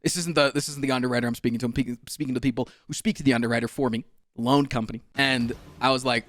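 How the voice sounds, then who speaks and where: A man's voice: mid-range voice, fairly even intonation, fast, fairly bright tone, soft background music. A man telling a story as a streamer, exasperated and swearing, often mocking the people involved. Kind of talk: animated storytime rant.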